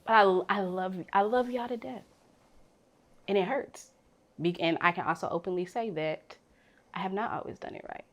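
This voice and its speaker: Woman getting real in a group convo, goes quiet then loud, super frank. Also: mid-range voice, moderate pace, long pauses. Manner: emotional, frank, swings from soft to loud. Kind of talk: candid panel conversation.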